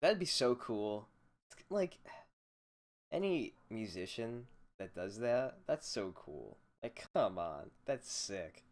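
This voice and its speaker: A man's voice: lowish voice, sing-song, slow. A young man hosting a solo podcast, ranting in a profane, rambling, sarcastic way into a desk microphone. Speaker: podcast host.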